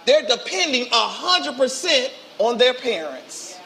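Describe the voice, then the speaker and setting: A male pastor preaching a sermon with animated call-and-response, acting out quotes, recorded in a church. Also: very high-pitched, unhurried. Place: church sanctuary.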